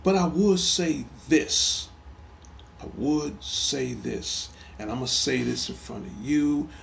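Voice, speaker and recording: This middle-aged gaming talk show host has a fairly high, animated voice that is slow and creaky. During a casual live stream he turns heated toward a troll, speaking emphatically and saying the same phrases again and again.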